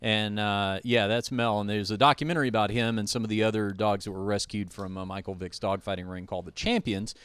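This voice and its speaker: A man's voice: on the low side, steady tone, fairly quick, few pauses, fairly bright tone, clean tone, dry recording. A man hosting a casual podcast chat from a house, telling stories with plenty of "uh" fillers and restarts. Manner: rambling storyteller, many uh fillers. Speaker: podcast host.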